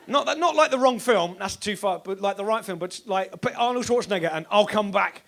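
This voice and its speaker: A man performing a sweary, animated stand-up comedy set on a club stage, now and then bursting into shouts. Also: sits high, fairly quick. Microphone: stage microphone.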